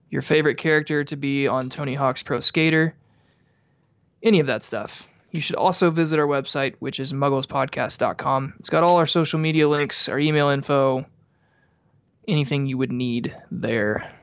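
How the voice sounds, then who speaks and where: A man's voice: medium pitch, moderate pace, pauses often, fairly bright tone, clean tone, dry recording, dull audio. A man co-hosting a casual podcast, chatting and reading out show details. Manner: chatty, reads out show info. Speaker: podcast co-host.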